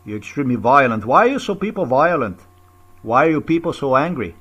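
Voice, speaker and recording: A man's voice: mid-range voice, sing-song, a little fast, a bit bright, husky, muffled recording. A man in a confrontational, repetitive video rant, full of rhetorical questions and swearing. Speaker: vlogger. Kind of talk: angry personal video rant.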